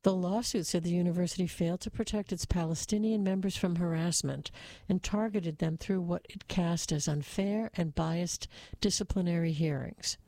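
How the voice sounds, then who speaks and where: A woman reads the news in a steady, even manner, her voice low and mellow. The sound is dry and close, with no room around it. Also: moderate pace, no echo. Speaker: news reader. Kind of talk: scripted news reading.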